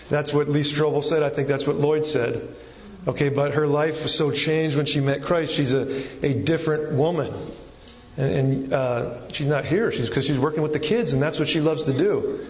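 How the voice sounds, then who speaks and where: A male pastor preaching a casual, conversational sermon, his voice a bit higher than most men's. He often stumbles and restarts his sentences. The sound is dull and lo-fi, with a long ringing echo from a church hall. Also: moderate pace. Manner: conversational, with frequent restarts and fillers.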